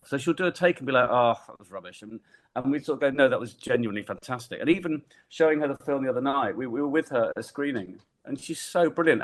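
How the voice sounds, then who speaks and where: Man, podcast guest, anecdotal, laughs easily, medium pitch, video call. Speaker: guest filmmaker and actor. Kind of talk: casual interview chat.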